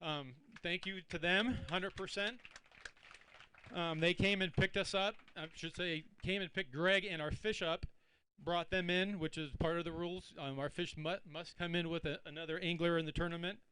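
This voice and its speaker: A tournament angler tells his story in a relaxed, rambling way, with plenty of fillers. His voice is bright and smooth, fairly high, and the sound is dry and close. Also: normal speed, poor audio. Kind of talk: casual storytelling speech.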